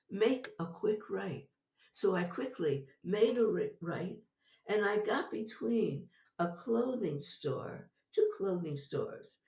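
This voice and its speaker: A woman guest, older, telling a personal story in an animated way, laughing often as she talks. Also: medium pitch, creaky, far from the mic. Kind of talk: storytelling in an interview. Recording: roomy sound from off-mic.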